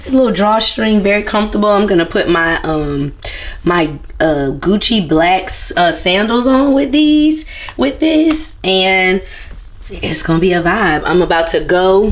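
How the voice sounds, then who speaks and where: A woman in her thirties chatting casually to her vlog viewers, emotional and quick to get teary. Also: medium pitch, lively intonation. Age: 30s. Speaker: vlogger.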